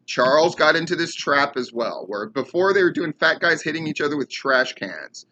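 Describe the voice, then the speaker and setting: A man's voice: on the high side, expressive, moderate pace, sharp tone, highs cut off. A man hosting his own commentary show, ranting heatedly and sarcastically with lots of swearing. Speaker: podcast host and wrestling commentator. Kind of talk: profane rant commentary.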